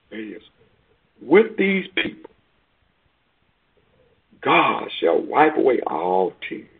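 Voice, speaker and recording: A man preaching a sermon, reading scripture aloud and explaining it with emphatic swells and hushed asides. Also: mid-range voice, creaky, slightly rough. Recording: tinny phone-like line.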